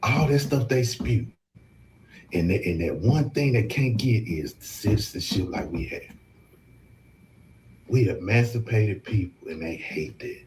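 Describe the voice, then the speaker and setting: A man's voice: fairly low pitch, expressive, a little slow, long pauses, darkish tone, a little hiss or hum, low-quality recording. A man giving impassioned commentary, repeating his points with emphasis. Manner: emphatic, repetitive.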